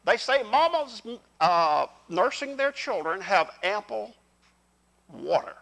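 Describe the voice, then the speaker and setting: An older man preaching a folksy, animated sermon in church. His voice sits fairly high and swings up and down a lot. It has a gravelly edge and a bright, forceful ring. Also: takes it slowly, poor audio. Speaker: pastor. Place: church sanctuary.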